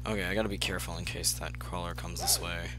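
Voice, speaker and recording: A young man commentating his own gameplay, muttering to himself and then breaking into excited yelps. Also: low-pitched, quick pace, music in the background. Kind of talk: let's play commentary.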